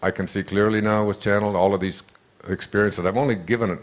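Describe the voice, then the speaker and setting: A man's voice: on the low side, steady tone, quick pace. An older man giving an inspirational lecture, telling a rambling story with restarts and asides. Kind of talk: inspirational lecture to a live audience.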